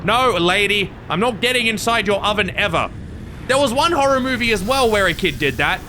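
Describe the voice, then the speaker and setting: A man's voice: sits high, expressive, a little fast, background noise. A man commenting on his gameplay in a jokey, rambling way, easily startled and prone to yelps. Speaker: gaming video creator.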